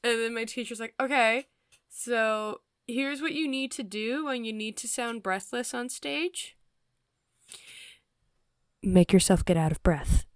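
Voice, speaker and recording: A woman's voice: a little high, unhurried, long pauses, smooth, dry recording, studio quality. A young woman co-hosting a podcast in casual chat, chatty and laughing often, with lots of fillers. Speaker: podcast co-host.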